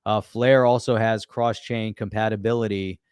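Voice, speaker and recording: Man, co-host, upbeat, smooth resonant voice, dry close sound. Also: lowish voice, steady tone, moderate pace, a little mellow, dry recording. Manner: upbeat, hypes the topic, filler-heavy. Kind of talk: casual chat.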